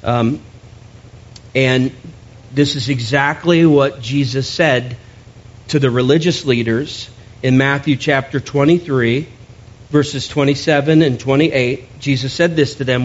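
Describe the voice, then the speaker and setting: A man's voice: mid-range voice, steady tone, a little slow, dull audio. A man preaching a sermon to his church, talking in a conversational way with joking asides. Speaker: pastor.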